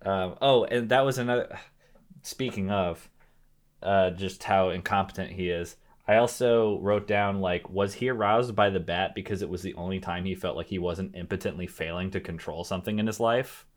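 A man's voice: deep voice, normal speed. Rambling young man in casual film chat. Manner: rambling, many fillers and restarts. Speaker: podcast co-host discussing a film.

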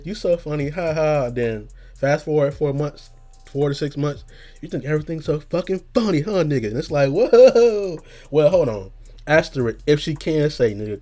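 A man hosting a casual solo podcast rant, rambling and profane, in a self-described monotone, with faint music behind him. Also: mid-range voice. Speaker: podcast host.

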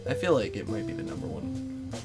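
A man's voice: lowish voice, sing-song, fairly quick, loud music behind the voice. A man co-hosting a podcast who mostly chimes in agreeably and laughs along. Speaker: podcast co-host. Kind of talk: casual podcast chat.

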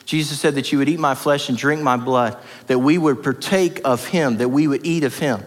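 A man's voice: medium pitch, moderate pace. A man preaching a sermon as pastor, passionate and emphatic, with lots of repetition. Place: church hall. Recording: reverberant church hall.

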